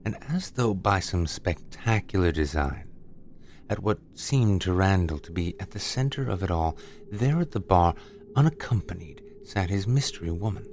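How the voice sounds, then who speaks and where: A man reading a scripted horror story aloud as a narrator, with measured, deliberate, dramatic delivery. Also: deep voice, animated, a little mellow, a little hiss or hum.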